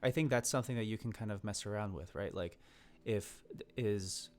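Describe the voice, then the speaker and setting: A man's voice: lowish voice, moderate pace, a little mellow. A young man co-hosting a casual live stream, thinking aloud about code with many fillers and restarts. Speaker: co-host.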